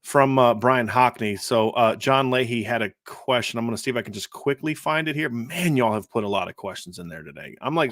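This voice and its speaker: A man hosting a casual sports podcast, talking quickly and acting out quotes with laughs. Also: mid-range voice, dry recording, studio quality. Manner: animated, laughs and acts out quotes. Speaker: podcast host.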